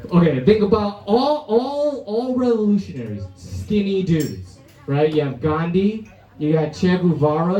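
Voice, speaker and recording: A man's voice: high voice, warm tone, lo-fi sound. Brash young man doing stand-up. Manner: brash, crude, laughing at his own jokes. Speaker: stand-up comedian. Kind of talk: stand-up set at an open mic. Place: comedy club stage. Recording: roomy live club sound from a distance.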